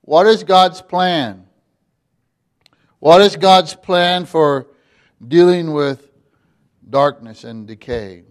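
A man delivers a sermon in a somewhat high voice. He preaches emphatically, sinking to quiet lines before rising loud again. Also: extremely slow, pauses often. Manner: emphatic, drops to quiet then rises loud.

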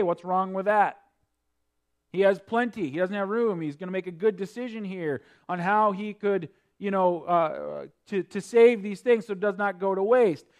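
A man preaching a sermon, swinging between quiet explanation and loud emphatic preaching. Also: high voice. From North Dakota. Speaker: pastor.

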